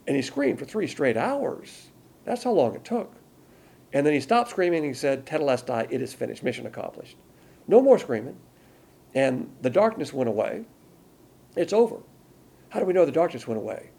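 An older man delivers a sermon in an easygoing, conversational teaching style, often posing questions and then answering them. His voice is gravelly and a little husky, with a mellow, dark tone and a pitch that climbs and dips freely. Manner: conversational preaching with rhetorical questions. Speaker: Bible teacher.

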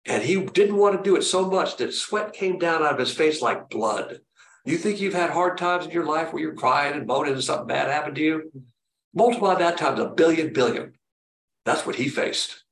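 A man's voice: a little high, lively intonation, moderate pace, a bit bright. A man preaching a sermon in a plainspoken way, firing off rhetorical questions and acting out quotes. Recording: roomy echo, distant mic.

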